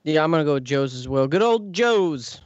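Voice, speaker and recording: A man co-hosting a casual podcast, tossing in jokes and quick quips. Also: on the high side, expressive, no echo, muffled recording. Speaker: podcast co-host. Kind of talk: casual chat.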